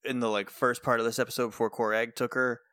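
A man's voice: mid-range voice, level tone, fast, pushed and bright, no echo, studio quality. A man co-hosting a podcast, chatting casually with wry quips and frequent laughs. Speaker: podcast co-host. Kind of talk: casual recap chat.

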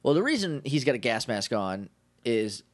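A man co-hosting a podcast, recapping an episode in casual chat with jokes and quick impressions. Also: mid-range voice. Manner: jokey, animated retelling with quick bits of mimicry. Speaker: podcast co-host.

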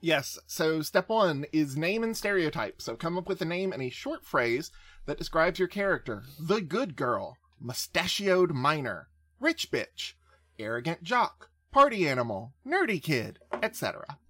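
A man as game master, explaining the rules deliberately with many fillers. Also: a little high, big pitch swings, a bit bright, no echo.

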